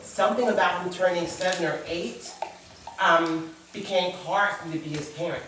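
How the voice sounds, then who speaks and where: A woman's voice: fairly low pitch, moderate pace, background noise. A middle-aged woman, a guest author, sharing a personal story on a talk show in an earnest, reflective way. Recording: echoey room, far from the mic.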